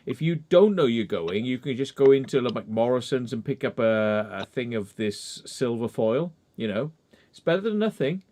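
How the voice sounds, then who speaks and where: A man's voice: medium pitch, expressive, normal speed, dark tone, a little hiss or hum. Rambling man hosting a chat. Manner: rambling, repeats "you know". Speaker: host of a live chat. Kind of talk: casual live chat.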